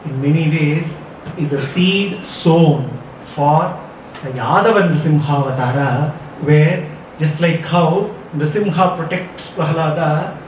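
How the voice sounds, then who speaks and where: A man's voice: a little high, a little mellow, slight background noise. A man giving a devotional scripture discourse, telling stories and chanting verses. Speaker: spiritual teacher. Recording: echoey room, mic far off.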